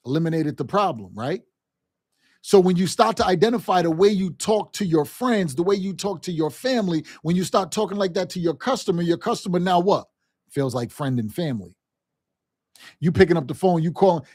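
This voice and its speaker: A male sales coach with a fairly high voice drives his points home, repeating himself and checking in with his listeners. He talks in loose, casual vernacular. The sound is dry and close, with no room echo. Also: lively intonation, fairly quick, a little mellow, breathy edge. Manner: emphatic, repetitive, direct address with frequent "right?" and "okay?"; acts out quoted phone calls and family scenes in livelier voices. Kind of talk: motivational sales lesson.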